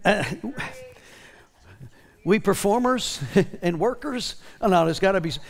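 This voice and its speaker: Gravelly animated male preacher. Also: high voice, measured pace. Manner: animated preaching, reads scripture aloud with feeling. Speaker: pastor. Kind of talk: sermon.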